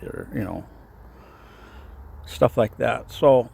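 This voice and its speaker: A man with a low, gravelly voice talks through a casual devotional message outdoors. His voice shakes a little from the cold and he rambles with many fillers. Faint outdoor noise sits behind him. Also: steady tone, normal speed. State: shaky voice from cold. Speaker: faith vlogger.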